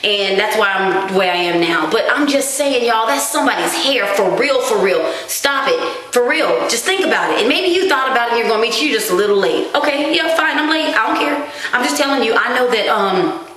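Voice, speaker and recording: A woman vlogging at home, chatting to camera in an animated, self-mocking way. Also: fairly high pitch, a little fast, few pauses. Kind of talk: casual chat to camera. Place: small dim room at home. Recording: very echoey room.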